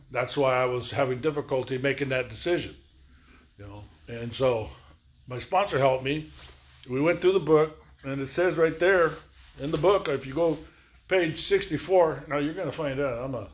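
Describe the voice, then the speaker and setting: A man in his sixties talks through his own recovery story, looping back and repeating himself with plenty of fillers. His voice sits in a middle pitch, and he slips into quick back-and-forth exchanges as he retells old conversations. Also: fairly bright tone. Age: 60s. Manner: rambling, repetitive storytelling with many fillers. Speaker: recovery speaker. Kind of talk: personal recovery testimony.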